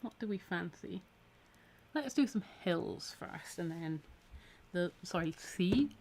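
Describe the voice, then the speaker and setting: This Scottish woman's voice is on the low side and dark, with vocal fry and a little hiss or hum, yet she's animated as she takes things slowly. In her live-streamed needle felting tutorial she talks chattily and encouragingly while working, voice a bit tired from a week of talking.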